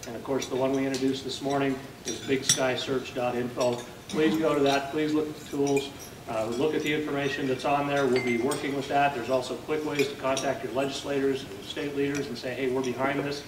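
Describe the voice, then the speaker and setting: Man, event host, conversational introduction, frequent fillers, middle pitch, distant mic, clinking dishes. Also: roomy sound, noisy background. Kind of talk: luncheon speech and introduction. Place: banquet hall at a lunch event.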